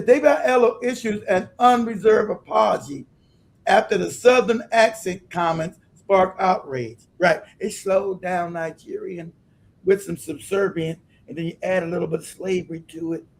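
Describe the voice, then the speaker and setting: A man hosting a livestream, delivering emphatic, animated commentary and laughing often as he talks. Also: high-pitched, creaky. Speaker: livestream host.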